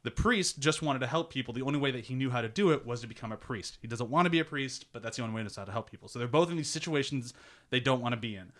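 A man casually pitching a film to others, laid-back, laughing often, swearing and full of "like" fillers. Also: rapid-fire, a bit bright. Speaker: panelist pitching a movie. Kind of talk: casual spoken movie pitch.

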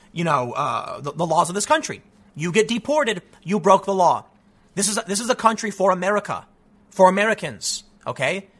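High, bright-voiced man ranting commentary. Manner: emphatic, argumentative, repeats "man", frequent restarts. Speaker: political commentator. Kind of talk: opinion commentary reacting to news.

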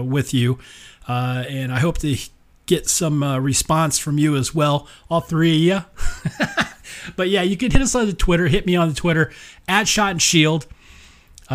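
A man hosting his own podcast in a casual, rambling solo monologue, chatting along and laughing at himself. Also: medium pitch. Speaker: podcast host.

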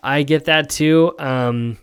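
A sleepy man from New York talks through his solo podcast in a loose, rambling way, with many ums and restarts. His voice is smooth and clear. He yawns as he goes. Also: on the high side, slow pace. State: sleepy, yawning. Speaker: podcast host. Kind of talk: casual solo podcast monologue.

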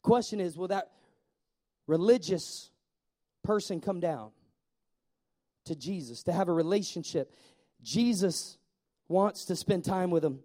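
A man preaching a sermon as pastor, telling Bible stories in an animated way with acted-out voices. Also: high-pitched, a little slow, pauses often.

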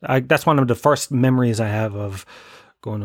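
A man's voice: medium pitch, normal speed, no echo. Rambling Kerry Irish man, dry sound. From Ireland (Tralee, Kerry). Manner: rambling, sweary, laughing at his own jokes. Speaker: podcast host. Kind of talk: comic monologue.

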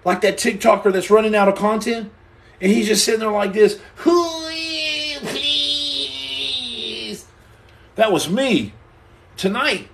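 A man from the United States hosts a live stream, reading viewer questions and joking with the audience. Animated and playful, he acts out little scenes, repeats himself, and stammers and restarts as he goes. His voice is high-pitched at normal speed, with slight background noise.

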